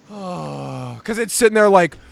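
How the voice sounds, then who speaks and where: A young man co-hosting a comedy podcast, excitable and crude, peppering his talk with "dude". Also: sits high, slow, creaky. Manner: excitable, swears a lot, says "dude" often. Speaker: podcast co-host. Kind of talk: casual comedic banter.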